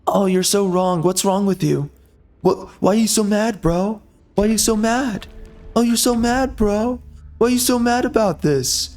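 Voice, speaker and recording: A man's voice: sits high, normal speed, darkish tone, pitched above the performer's own voice. A man mimicking a smug young guy who scolds and taunts in a sneering way. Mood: taunting.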